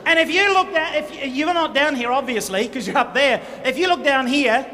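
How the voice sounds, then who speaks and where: A man giving a motivational speech at a business event, animated, humorous and dramatic in his storytelling. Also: very high-pitched, brisk. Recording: echoey hall with faint noise.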